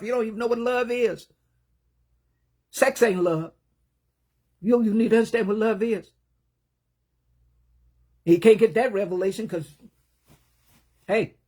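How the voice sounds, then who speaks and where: Woman, preacher, sermon, husky voice, mid pitch, impassioned, emphatic, loud peaks and hushed asides.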